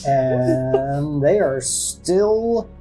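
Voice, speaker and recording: A man running a tabletop game as dungeon master, narrating rolls and combat briskly. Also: medium pitch, expressive, over music.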